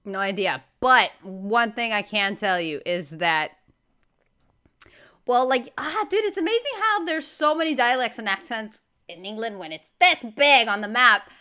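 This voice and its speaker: A young woman from Argentina, chatting excitedly and rambling as she reacts to a comedy clip. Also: on the high side, unhurried, clear, resonant tone. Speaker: reaction video host. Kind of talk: casual reaction commentary.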